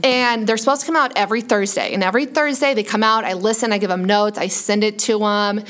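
A woman in her late twenties, a high school teacher, chatting casually on a podcast in a classroom, peppering her talk with "like.". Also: fast talker, fairly bright tone. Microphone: headphone microphone.

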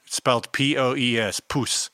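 A man talks in a mid register with a bright, tense edge, explaining slang in an easygoing way. The recording is close and dry. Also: mid-range voice, fairly even intonation, normal speed, no echo. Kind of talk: casual chat.

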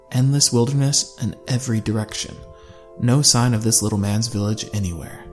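Man narrating a fantasy audiobook. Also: mid-range voice. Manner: steady storytelling.

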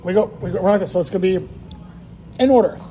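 Podcast co-host, male, high voice, quick rambling teaser, mellow tone. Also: a little hiss or hum, poor audio. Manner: fast, teasing, rambling with many restarts. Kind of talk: casual chat over a card game.

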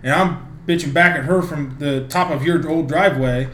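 A man's voice: on the high side, moderate pace, a bit bright. A young man telling a rambling, profane story in casual podcast chat. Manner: rambling storyteller, laughs and swears. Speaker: podcast co-host. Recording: echoey room with faint noise.

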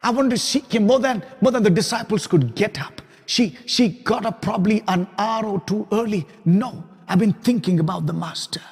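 A man preaching with a high, bright voice that rings out in a hall with a long reverb. He builds his points through repetition and lowers his voice almost to a whisper for quiet moments. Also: normal speed, hardly any pauses, breathy edge. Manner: emphatic preaching, dropping to soft whispers for quoted lines. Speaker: pastor. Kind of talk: sermon.

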